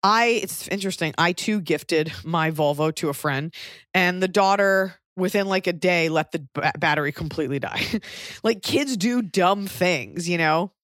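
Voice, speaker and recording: A woman in her thirties co-hosts a comedy podcast, her voice sitting a little low and recorded dry and close. She rambles through advice in a blunt, crude, joking way, with loose casual chat. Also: normal speed, fairly bright tone, no room sound.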